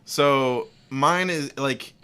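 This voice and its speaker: A man co-hosting a podcast, chatting casually about films and adding quick, wry remarks. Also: mid-range voice, bright, forceful tone, clean tone. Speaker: podcast co-host. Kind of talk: casual movie-review chat.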